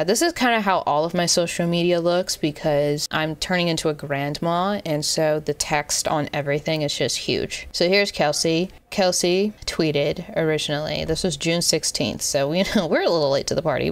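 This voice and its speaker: A young woman with a notably low voice riffs through an unscripted reaction video. She rambles, jokes at her own expense and restarts her sentences often, keeping it casual and chatty. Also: normal speed. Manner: rambling, joking, self-deprecating, many restarts. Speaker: YouTuber reacting to a Twitter thread.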